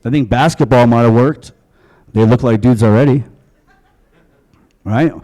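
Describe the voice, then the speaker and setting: A man's voice: mid-range voice, unhurried, mellow, rough recording. A man from Long Island doing a stand-up comedy set in a comedy club, crude and offhand. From Long Island, USA.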